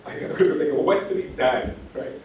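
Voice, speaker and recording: A man's voice: on the high side, fairly quick, darkish tone, dull audio. Male academic speaker, earnest and repetitive at a lectern, heavy hall reverb. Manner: impassioned, repeats phrases for emphasis, many ums. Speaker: education scholar giving a talk. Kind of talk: lecture talk. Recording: very echoey hall, distant mic, faint noise.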